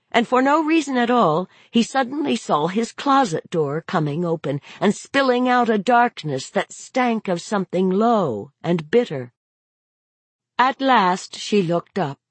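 A woman's voice: mid-range voice, slightly rough, dry recording. A woman narrating a novel aloud in a dramatic, varied delivery. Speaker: audiobook narrator.

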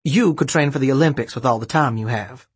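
A man voicing an excitable, teasing elderly grandmother in an audiobook, with a husky, high-pitched voice. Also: fairly quick, no room sound, close to an everyday voice. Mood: excited.

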